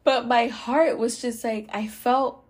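A woman's voice: fairly high pitch, steady tone, takes it slowly, slightly rough. Chatty woman sharing a faith story. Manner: chatty, laughing, many fillers and restarts. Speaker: podcast host. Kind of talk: casual faith testimony.

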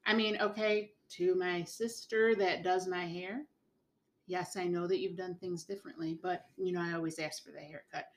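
A woman co-hosting a podcast in casual chat, playful and emphatic. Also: normal speed. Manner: playful, emphatic, jumps up in pitch when excited. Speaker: podcast co-host.

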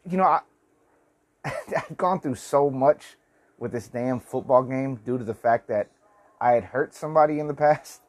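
A man's voice: medium pitch, moderate pace, long pauses, darkish tone. A man in his forties telling a story in a casual vlog, rambling and swearing with many restarts. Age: 40s. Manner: rambling, profane, lots of restarts. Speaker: vlogger.

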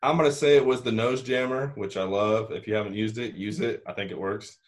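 A man's voice: lowish voice, fairly even intonation, a little fast. A young man telling a long story in casual chat, rambling with lots of "like" and "you know" and the odd swear word.

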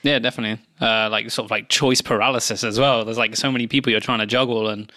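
A man's voice: on the low side, fairly even intonation, fast talker, bright, forceful tone. A young man co-hosting a podcast in casual chat, easygoing, full of fillers and dry jokes. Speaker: podcast co-host.

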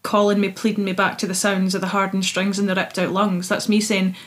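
Young Scottish woman, a singer guest, chatty and expressive, mid-pitched voice. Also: fairly quick. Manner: chatty, expressive, laughs easily. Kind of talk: casual interview chat.

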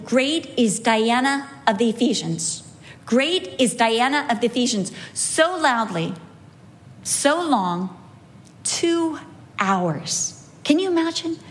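A middle-aged woman teaching from the Bible, telling lively stories and slowing down to stress key points. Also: high voice. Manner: animated storyteller, slows for emphasis. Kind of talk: sermon teaching with anecdotes.

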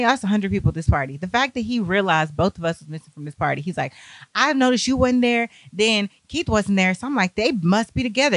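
Animated woman telling a wild story. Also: a little high, no room sound. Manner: animated, profane, acts out other people's lines. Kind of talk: casual storytelling.

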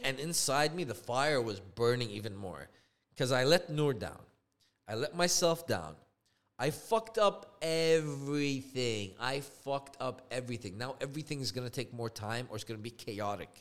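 Animated young man telling a story. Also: moderate pace. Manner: animated, acts out quoted people, swings from loud outrage to low deflated tones; swears freely. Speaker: podcast co-host. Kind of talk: storytelling casual chat.

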